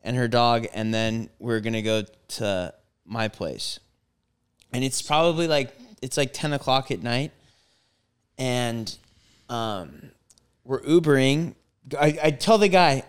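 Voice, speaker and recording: Smooth-voiced man telling a heated story. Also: medium pitch, slow pace. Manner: animated storyteller, swears a lot, acts out both sides of an argument. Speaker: podcast co-host. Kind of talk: casual chat.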